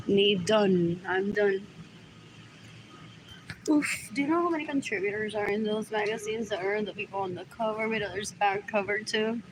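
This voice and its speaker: A woman's voice: medium pitch, moderate pace, darkish tone, a little hiss or hum, low-quality recording. A woman talking alone on a livestream, rambling and muttering, repeating herself and switching languages mid-sentence. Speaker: livestream host. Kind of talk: rambling solo livestream talk.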